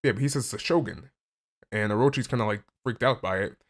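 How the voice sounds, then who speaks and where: A man casually reacting to a comic chapter, excitable and stammering, packing his talk with "like" and reading passages aloud between his reactions. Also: medium pitch, a little fast. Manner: excitable, stammering, heavy use of "like".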